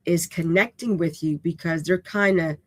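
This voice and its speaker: A woman's voice: lowish voice, steady tone, normal speed, no room sound. Woman host of a live-streamed writing lesson; raw, plainspoken, keeps asking "okay?". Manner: casual and direct, checks in with "okay?"; unapologetically raw way of speaking.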